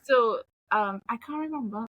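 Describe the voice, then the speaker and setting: A woman in her thirties, a behavioral analyst, giving parenting advice in a relaxed, chatty way and acting out example phrases. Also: a little high, normal speed, no echo, low-quality recording. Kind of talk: casual advice conversation.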